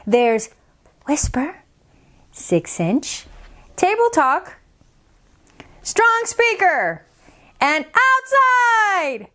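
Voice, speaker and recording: A woman voicing a patient, kindly schoolteacher in a storybook, explaining calmly and gently. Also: high-pitched, slow, full character voice. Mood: gentle.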